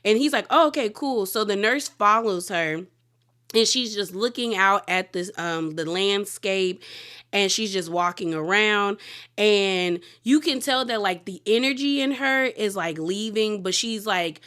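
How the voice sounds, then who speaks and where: A woman's voice: mid-range voice, a little slow, fairly bright tone, clear, resonant tone. A woman recapping a TV episode in a casual, chatty way, full of "like" and sassy asides. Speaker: TV recap host.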